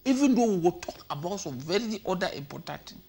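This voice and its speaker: A man with a Cameroonian Pidgin accent giving comic commentary, animated and switching between languages, sometimes shouting. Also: sits high, fast talker, vocal fry, slightly rough. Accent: Cameroonian Pidgin English. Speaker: comedy commentator.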